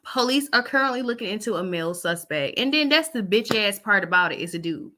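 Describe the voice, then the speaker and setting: A woman's voice: mid-range voice, lively intonation, a little fast, background noise. A woman in her thirties giving casual commentary on news stories, blunt and emotional, sighing often as she reads. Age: 30s. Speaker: vlogger reading the news.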